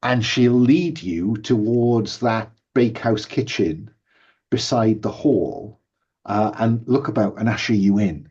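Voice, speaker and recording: A man narrating as game master of a tabletop game, soft-spoken and thoughtful, with some fillers. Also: on the low side, slow pace, slightly rough. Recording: dull lo-fi sound.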